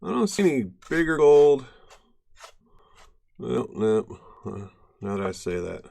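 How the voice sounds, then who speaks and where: His medium-pitched voice is mellow and unhurried yet very animated, with some vocal fry and no echo. He's a young gold prospecting streamer, relaxed and chatty, often laughing as he talks to viewers and his cat while panning.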